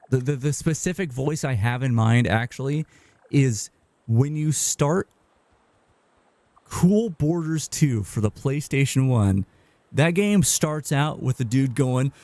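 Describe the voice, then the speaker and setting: A man streaming a game live, chatting casually in a rambling, halting way. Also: mid-range voice, darkish tone, dry recording. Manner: rambling, halting, with many restarts and fillers.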